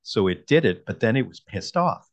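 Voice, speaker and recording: A man's voice: on the low side, sing-song, moderate pace, dry recording. A man co-hosting a podcast, reflecting thoughtfully and analytically in casual discussion. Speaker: podcast co-host.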